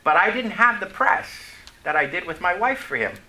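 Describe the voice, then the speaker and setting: Very high, bright-voiced man preaching a testimony. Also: big pitch swings, normal speed. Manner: storytelling, asks the audience questions. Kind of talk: testimony sermon to a congregation. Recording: echoey room, faint noise.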